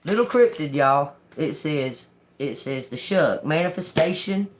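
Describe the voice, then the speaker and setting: An older woman giving a live-stream tarot reading in a slow, profane, confrontational manner. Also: sits low, lively intonation, a little hiss or hum. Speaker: tarot reader.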